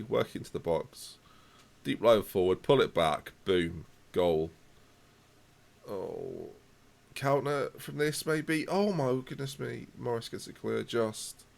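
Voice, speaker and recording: Excitable gravelly streamer. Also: male voice, on the low side. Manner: excitable, reacts loudly to match events, chats to viewers. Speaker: streamer playing a football management game. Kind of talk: live gameplay commentary.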